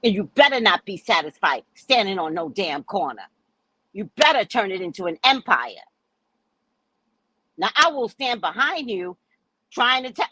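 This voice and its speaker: A woman's voice: medium pitch, very animated, moderate pace, pauses often, bright, forceful tone, breathy edge, no room sound, rough recording. A woman hosting a casual commentary show, talking in a sassy, emphatic, lecturing way. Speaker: host.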